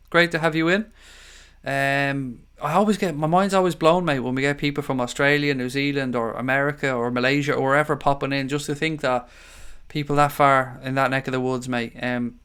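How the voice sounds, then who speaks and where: Hosting a casual live stream, this adult Irish dad of young kids reads viewer comments aloud and calls people mate and buddy. He speaks fairly quickly with a medium pitch, steady tone and a clean, fairly bright sound.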